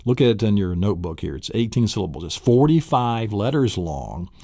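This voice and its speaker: A man's voice: lowish voice, sing-song, fairly quick, mellow, no room sound, studio quality. A man giving a spelling lesson, spelling words out letter by letter, sounding out syllables and asking the listener rhetorical questions. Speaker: spelling instructor.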